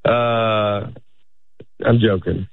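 A stand-up comedian chatting casually in an interview, rambling with lots of restarts and frequent laughs. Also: male voice, fairly low pitch, fairly even intonation, very slow, gravelly, a little hiss or hum. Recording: tinny phone-like radio sound.

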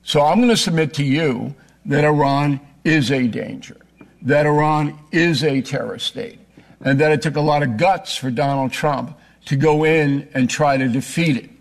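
A man making a forceful, argumentative case in a heated political debate, often cutting in. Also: on the high side, normal speed, creaky. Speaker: political commentator.

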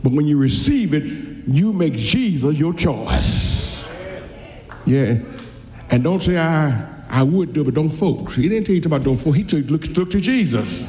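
A man preaching a sermon in a folksy way, reading scripture slowly and then rushing through his asides. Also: a little high, sing-song, warm tone. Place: church. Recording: echoey hall, dull lo-fi sound.

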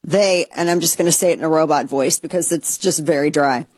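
A vlogger giving casual, sarcastic commentary, rambling with animated asides. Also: medium pitch, fairly quick, slightly rough, no room sound.

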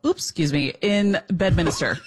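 A man's voice: a little high, moderate pace, noisy background. A man co-hosting a radio show, chatty and self-deprecating in banter. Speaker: radio co-host.

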